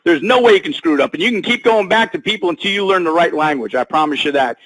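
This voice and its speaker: A man giving a pumped-up motivational speech on a conference call, talking loud and full of sports talk. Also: on the high side, lively intonation, fast, low-quality recording. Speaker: guest speaker on a conference call. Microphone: phone.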